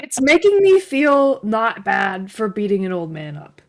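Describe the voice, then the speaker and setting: A woman playing a tabletop game, animated and emphatic. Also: medium pitch, a little slow. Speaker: player.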